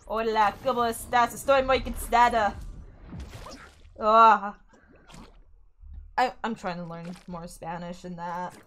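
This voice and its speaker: A young woman from Saskatchewan chatting excitably while streaming a game, often squealing and laughing. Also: mid-range voice, takes it slowly, long pauses. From Saskatchewan, Canada. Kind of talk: live gameplay stream chatter.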